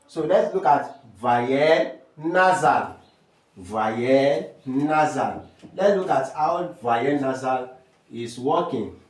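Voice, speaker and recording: A man with a Nigerian accent teaches French pronunciation at a slow, deliberate pace. He drills each term and answers his own questions. His voice sits a little high and sounds echoey, as if he stands away from the mic. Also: distant mic. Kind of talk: step-by-step language lesson.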